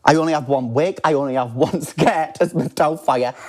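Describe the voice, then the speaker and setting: A man with a British accent, a drag performer guesting on a podcast, telling swear-filled stories with lively shrieks and put-on voices. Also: on the high side, moderate pace. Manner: animated, sweary storytelling with shrieked impressions. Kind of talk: casual chat.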